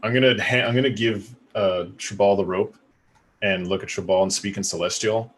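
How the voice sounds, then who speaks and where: Deep-voiced hesitant male player. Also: fairly even intonation, normal speed, a bit bright, breathy edge. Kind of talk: tabletop game role-play.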